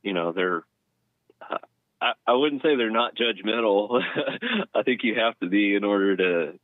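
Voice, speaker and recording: A man from North Texas calling in to a talk show, speaking in an unhurried, hesitant way with many pauses. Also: on the low side, no room sound. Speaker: caller. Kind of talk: casual call-in chat. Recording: tinny phone line.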